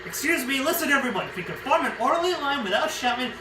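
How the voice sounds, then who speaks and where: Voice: high voice, animated, quick pace, roomy sound, distant mic, noisy background, voice pushed up. A player voicing a pompous, bossy male ship owner who talks grandly and theatrically. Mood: flustered commanding. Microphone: phone.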